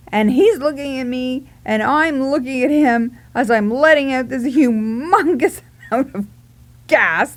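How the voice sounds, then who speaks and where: A woman vlogger telling a funny personal story in a casual, animated way, giggling and acting out her own reactions. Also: a little high.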